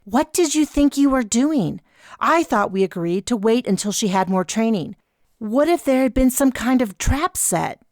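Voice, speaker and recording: A woman's voice: mid-range voice, moderate pace, hardly any pauses, darkish tone, no room sound, clean studio sound, voice pushed up, close to an everyday voice. A woman voicing a stern older aunt who teaches magic, asking clipped questions and scolding. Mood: angry.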